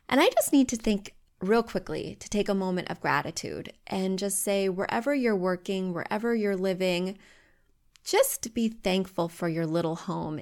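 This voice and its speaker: A woman hosting a podcast from home, giving chatty, emphatic design advice. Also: mid-range voice.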